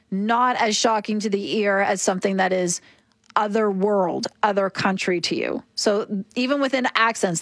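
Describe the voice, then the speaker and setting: A woman's voice: medium pitch, no echo. A woman hosting a talk show, recounting an interview in an earnest, explanatory way. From Canada. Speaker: host. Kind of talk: conversational news talk.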